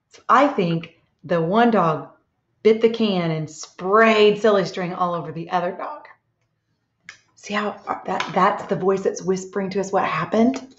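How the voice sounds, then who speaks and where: A woman teaching a reading lesson to young children, reading aloud slowly and gently and stopping to ask them questions. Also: medium pitch. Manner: slow, gentle, asks children questions and pauses. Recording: echoey, dull lo-fi room sound.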